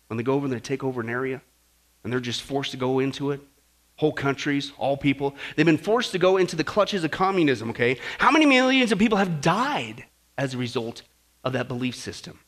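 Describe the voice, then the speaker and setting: A man preaching a sermon, moving between hushed, slow stretches and loud, emphatic passages. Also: mid-range voice.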